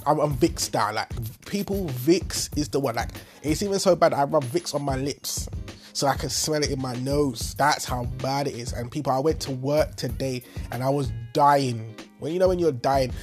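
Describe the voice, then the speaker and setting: Caribbean-rooted man rambling with a cold. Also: mid-range voice. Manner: rambling, animated, with slang. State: sick with a cold. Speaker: vlogger. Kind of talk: casual storytelling monologue. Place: in bed at home.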